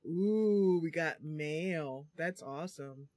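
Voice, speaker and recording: A woman's voice: medium pitch, expressive, unhurried, fairly bright tone. A woman livestreaming a role-playing game, chatting casually and laughing often as she reads the dialogue. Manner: giggly, chatty, frequent laughs. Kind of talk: casual gameplay livestream with read-aloud dialogue.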